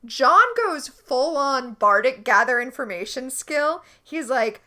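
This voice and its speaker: Woman co-host, bright higher voice, lively casual recap chat. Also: a little slow, few pauses. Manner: animated, recaps scenes and quotes characters. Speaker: podcast co-host.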